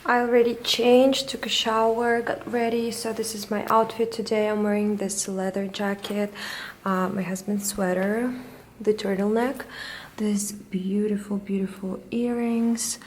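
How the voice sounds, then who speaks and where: A young woman talks to her camera in a relaxed, chatty vlog manner. She takes her time over every phrase and drops in little laughs. The camera mic catches steady noise around her. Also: mid-range voice, unhurried. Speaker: vlogger. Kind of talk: casual vlog chat.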